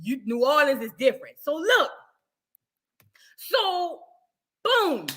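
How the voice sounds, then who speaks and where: A woman vlogger telling a story in a casual, animated, profane and dramatic way, swinging between shouting and hushed tones. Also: high-pitched, slow.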